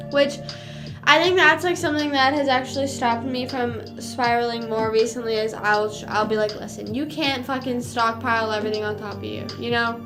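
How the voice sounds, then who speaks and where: Chatty young woman rambling over music. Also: a little high. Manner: rambling, full of fillers and swearing. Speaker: streamer. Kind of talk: casual livestream chat. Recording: music playing behind.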